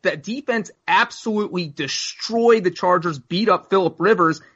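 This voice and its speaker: A man's voice: high voice, normal speed, a bit bright, slightly rough, lo-fi sound. A man in a casual sports debate as a co-host, reasoning his way to a contrarian take.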